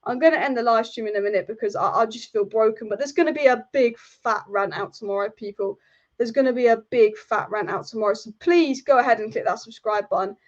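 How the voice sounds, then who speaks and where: A woman's voice: fairly high pitch, fairly quick, muffled recording. A woman hosting a football live stream, furious and exasperated, repeating herself as she rants. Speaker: football channel host.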